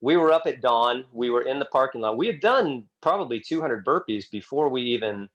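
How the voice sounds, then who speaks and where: A man co-hosting a podcast, telling stories in a lively way, often repeating words, in casual chat. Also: mid-range voice, a little fast, lo-fi sound. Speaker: podcast co-host, gym coach.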